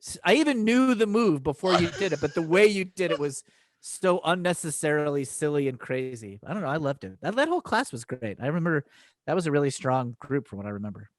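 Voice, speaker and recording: A man, an improv teacher guesting on a podcast, telling animated stories in casual chat and laughing often. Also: fairly high pitch, fast talker, dry recording, studio quality.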